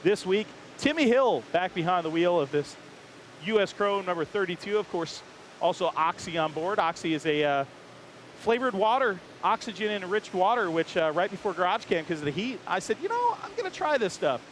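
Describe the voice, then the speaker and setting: A man's voice: high voice, lively intonation, normal speed, a bit bright. A man hosting a walking tour of a race garage, chatting upbeat and joking with crew members outdoors. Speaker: host. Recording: faint outdoor background noise.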